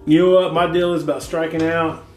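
A man's voice: fairly high pitch, flat delivery, fairly quick, a little mellow, roomy sound, soft background music. A man co-hosting a casual podcast, rambling, swearing, and laughing often. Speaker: podcast co-host.

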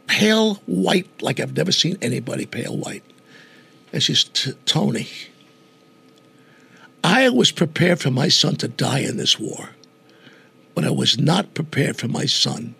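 A gravelly older man tells a story in an animated way, taking on the voices of the people in it. His voice is strongly raspy and pitched a little high for a man. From New York. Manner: animated storyteller who acts out quoted voices. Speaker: guest entertainer. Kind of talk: storytelling in conversation.

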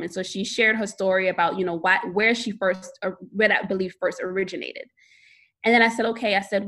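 A woman appears as a financial coach on a casual podcast interview, telling stories animatedly and repeating words for emphasis. She talks quickly in a medium-pitched, steady, fairly bright voice.

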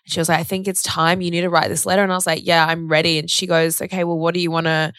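Australian woman, lowish voice, dry close mic, chatty personal storyteller. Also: flat delivery, racing, fairly bright tone, no room sound. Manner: chatty, fillers of "like", acts out quoted speech.

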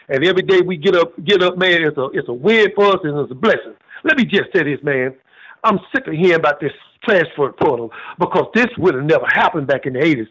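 A man's voice: high voice, fairly bright tone. Folksy older man calling in. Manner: folksy, humorous, repeats "man" often. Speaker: caller. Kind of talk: call-in storytelling. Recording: muffled phone call.

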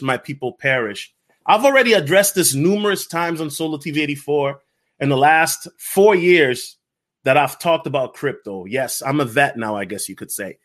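A man hosting a casual reaction video, talking in slang, restarting and repeating himself. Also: on the high side. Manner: animated, slangy, repeats himself, calls others dog. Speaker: crypto YouTuber reacting to a video.

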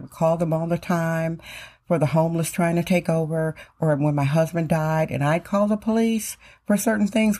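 Middle-aged woman podcasting solo, low-ish voice, hammers points by saying them twice. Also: warm tone. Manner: emphatic, repeats phrases for stress. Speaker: podcast host. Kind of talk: casual podcast monologue.

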